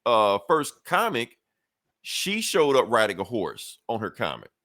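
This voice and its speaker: A man's voice: medium pitch, wildly swooping pitch, unhurried, bright, forceful tone, dry recording, clean studio sound. A man on a podcast casually retelling a comic book story, loose and profane, laughing often. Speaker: podcast co-host.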